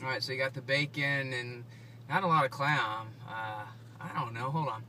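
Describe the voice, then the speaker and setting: A man's voice: medium pitch, moderate pace, bright, forceful tone, a little hiss or hum. A man casually reviewing food on a vlog, hesitant and offhand, trailing off with fillers and sounding unimpressed.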